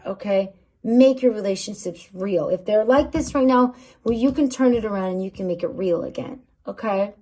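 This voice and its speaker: Woman vlogger with a higher voice, earnest and coaxing relationship pep talk. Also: a little mellow. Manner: earnest, repetitive, coaxing with frequent "okay?". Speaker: vlogger giving relationship advice. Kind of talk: casual motivational pep talk.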